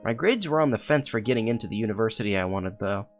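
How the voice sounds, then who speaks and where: Earnest teen schoolgirl from a game, read out plainly by a guy, soft game music behind. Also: fairly low pitch, animated, fast. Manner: plain read-aloud delivery. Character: earnest teenage schoolgirl dreaming of teaching.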